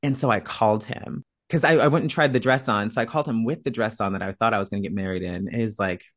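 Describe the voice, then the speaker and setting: A woman being interviewed, telling a story in a lively, profane way and acting out other people's lines. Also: a bass voice, fast talker. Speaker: interview guest. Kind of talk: casual storytelling chat.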